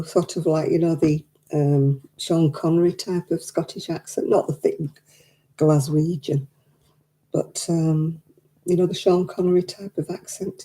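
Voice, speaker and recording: A woman hosts a craft live stream from her living room, talking into a desk mic. Her voice is very dark and mellow, sitting a little low, and she rambles chattily with frequent laughs. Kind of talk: casual chat while knitting, reading viewer comments. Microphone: desk microphone.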